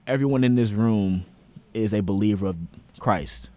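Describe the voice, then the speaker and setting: A man's voice: on the low side, moderate pace, dark tone. A man hosting a casual podcast, speaking earnestly and repeating himself as he gathers his thoughts. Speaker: podcast host.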